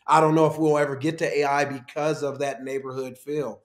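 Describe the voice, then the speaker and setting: A man's voice: mid-range voice, flat delivery, a little fast. A man, a guest on a podcast, talking easygoing and laughing often as he tells stories. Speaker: guest, technology executive. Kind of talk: conversational podcast interview. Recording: roomy echo.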